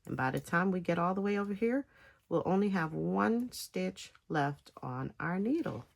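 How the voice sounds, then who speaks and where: A woman giving a casual step-by-step knitting tutorial, talking in halting phrases with pauses between them. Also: on the low side, expressive, vocal fry. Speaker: knitting instructor.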